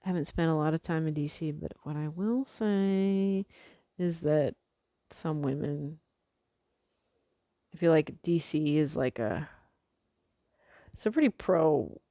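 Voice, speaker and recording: A woman's voice: deep voice, takes it slowly, pauses often, mellow, dry recording, clean studio sound. A young American woman talking casually in a rambling vlog, with many fillers and casual swearing. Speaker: vlogger.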